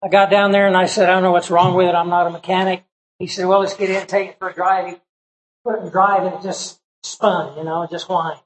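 A man's voice: high-pitched, flat delivery, fast, a little hiss or hum, low-quality recording. A middle-aged man, a pastor, telling a personal story in a sermon in a folksy, conversational way, acting out the people he quotes.

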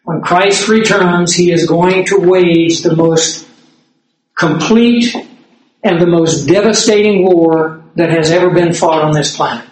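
A man preaching a sermon, expounding scripture in a measured, emphatic way with occasional fillers. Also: high voice, very echoey, rough recording. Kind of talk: sermon teaching.

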